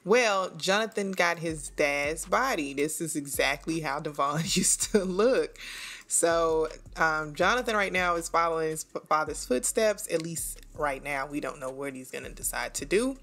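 A woman with a low, slightly bright voice talks at a moderate pace while playing a life-sim game for her gaming channel. Her let's-play commentary is casual and chatty, and she laughs often.

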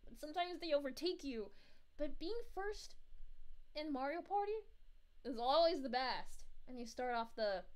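Girl doing a giggly sweet princess, high voice bouncing all over, chatting with stream viewers. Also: animated, normal speed. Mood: chatty. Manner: bubbly, giggly, coos at viewers. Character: cheerful young adult princess, sweet and giggly. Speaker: VTuber streamer. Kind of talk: livestream chat Q&A in character.

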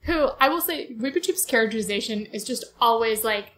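A woman's voice: fairly high pitch, expressive, a little fast, fairly bright tone, faint music behind, rough recording. A woman co-hosting a podcast, chatting enthusiastically about a book with lots of 'like' fillers. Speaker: podcast co-host. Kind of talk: casual book discussion.

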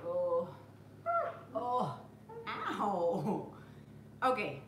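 A woman's voice: medium pitch, animated, slow pace, pauses often, reverberant, noisy background. A woman hosting a live stream from home, chatting casually, greeting viewers by name and cooing at her puppy. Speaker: acrylic pour artist hosting a live stream. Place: home room with the door closed.

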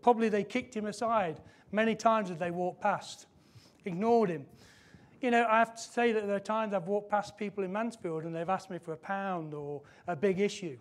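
A high-pitched man delivers a sermon in a church. He speaks emphatically, repeats his key phrases and slows down to press a point home. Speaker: preacher.

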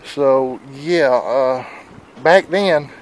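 Very slowly and in a medium-pitched voice, a vlogger in his 40s from the Southern United States speaks in a plain, rambling, worried way, breathless and with a stuffy nose. He records casually outdoors in wind on a handheld camera, and the poor audio has slight background noise.

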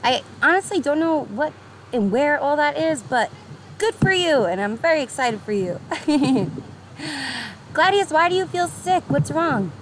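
Bubbly high-voiced New York woman streaming outdoors. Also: sing-song, a little slow. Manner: bubbly, upbeat, greets chatters by name, laughs often. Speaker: livestreamer. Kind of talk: casual live-stream chat with viewers. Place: outdoors by the water on a pier. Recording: noisy outdoor stream with traffic.

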